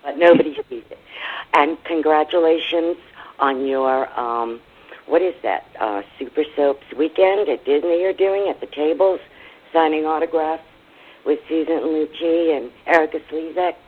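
A man's voice: a little high, normal speed. A male caller on a radio show, chatting in a teasing, jokey way over the phone. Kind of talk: casual phone-in chat. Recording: tinny phone line with hiss.

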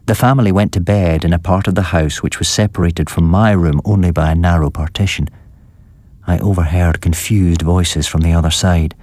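A man reads a first-person horror story aloud, measured and suspenseful. His voice is very deep and husky. The recording is dry and close, with no room sound. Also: fairly even intonation, a little mellow, no echo. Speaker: narrator. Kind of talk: storybook reading.

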